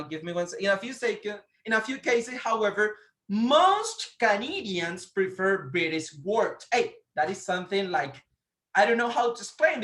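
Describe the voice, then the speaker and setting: Male presenter teaching a language lesson: slow, bright-voiced, halting with fillers, roomy echo. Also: high voice. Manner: hesitant, many fillers and self-corrections. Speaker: presenter teaching about English pronunciation. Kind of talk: explanatory lesson.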